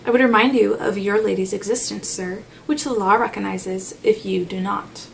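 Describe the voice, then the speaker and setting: A woman voicing a stern male solicitor, speaking each word distinctly, calmly and steadily. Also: medium pitch, moderate pace, creaky, lightly acted. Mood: firm. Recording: slightly distant mic, faint noise.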